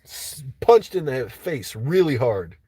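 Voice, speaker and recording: A man's voice: mid-range voice, very animated, slow pace, warm tone, husky, no echo. Profane ranting man, dry close sound. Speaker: livestream host. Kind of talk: casual livestream rant.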